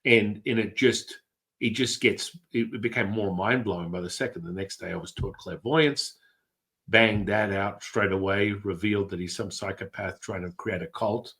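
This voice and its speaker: A middle-aged man, a guest, telling stories with excitable energy and casual swearing. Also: lowish voice, normal speed. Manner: excitable, swears, acts out quotes in other voices. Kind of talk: animated storytelling.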